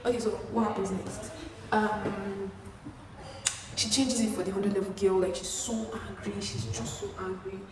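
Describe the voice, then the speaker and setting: A young woman in her twenties with a Nigerian accent, telling a story in a chatty, animated way. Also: mid-range voice, normal speed, recorded from a distance, heavy background noise. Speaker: vlogger. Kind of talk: casual storytime. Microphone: camera mic from a distance. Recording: echoey room, no microphone.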